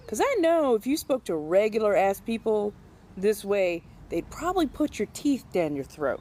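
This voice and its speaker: A woman's voice: medium pitch, normal speed. Blunt, profane young woman chatting casually. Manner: animated, acts out other people in quoted voices. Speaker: streamer chatting with followers. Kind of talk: casual chat while doing makeup.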